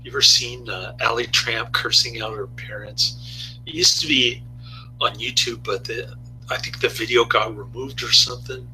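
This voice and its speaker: A man's voice: mid-range voice, steady tone, normal speed, sharp tone, soft background music, poor audio. A man giving a rambling, laid-back casual video review, often chuckling to himself.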